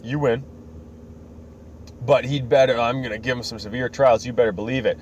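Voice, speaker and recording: A man voicing a gruff giant male god who agrees grudgingly and warns of harsh trials, on a slightly dull recording with faint noise. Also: mid-range voice, steady tone, normal speed, close to an everyday voice.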